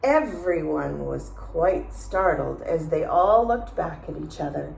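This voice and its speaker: Slow, expressive woman reading aloud. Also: low-pitched, gravelly. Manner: slow, expressive, asks listeners questions. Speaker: storytime reader. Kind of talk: children's read-aloud. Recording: echoey room.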